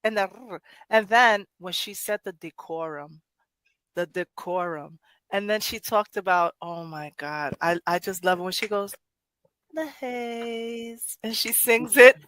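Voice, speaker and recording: A woman hosting a poetry show, gushing excitedly and laughing often in casual chat. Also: lowish voice, measured pace, dry recording. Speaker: host.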